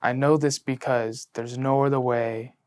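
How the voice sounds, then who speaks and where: Recent high school grad, male, medium-pitched clear voice, telling his own story with earnest ups and downs. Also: unhurried. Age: late teens. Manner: earnest storytelling, heavy use of "like", shifting between hushed and excited. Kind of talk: personal testimony in a sit-down interview.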